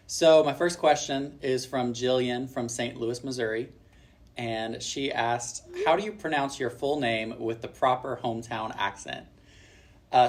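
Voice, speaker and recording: A young man from Kentucky, a singer-songwriter, reading out fan questions and answering them in a relaxed, friendly way with plenty of ums. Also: medium pitch.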